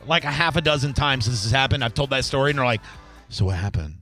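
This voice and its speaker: A middle-aged man with a bright, forward voice talks casually as host and tells his stories with energy. He slips into other people's voices as he retells them. Soft music sits faintly underneath. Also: medium pitch, rapid-fire. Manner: animated storyteller, acts out quoted voices. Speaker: podcast host. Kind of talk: casual chat, storytelling.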